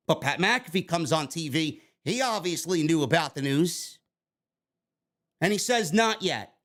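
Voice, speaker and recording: High-voiced man ranting from New York. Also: fairly bright tone. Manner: heated, profane, sarcastic ranting. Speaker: wrestling show reviewer. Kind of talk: ranting commentary.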